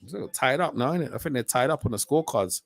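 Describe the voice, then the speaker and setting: In a mid-range voice with no echo, a man rattles off quick, casual commentary on a boxing bout for his stream. The slang flows freely, and his chatter turns to excited shouts on the big punches.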